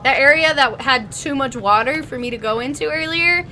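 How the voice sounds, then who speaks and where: A woman's voice: high-pitched, normal speed, sharp tone, slight background noise. A woman gamer giving rambling, joking commentary while playing a horror game.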